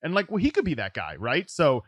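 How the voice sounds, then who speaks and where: A man hosting a casual sports podcast, talking in quick bursts with frequent restarts and "right?" tags. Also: a little high, wildly swooping pitch, fairly bright tone, no room sound. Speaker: podcast host. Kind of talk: casual fantasy football chat.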